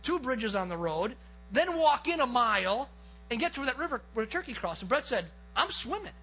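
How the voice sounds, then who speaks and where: A male pastor preaching, telling a personal story with lively energy and acting out the quoted lines. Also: extremely high pitch, a little fast, poor audio. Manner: lively storyteller, acts out quotes and gets excited. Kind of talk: sermon with a personal hunting story.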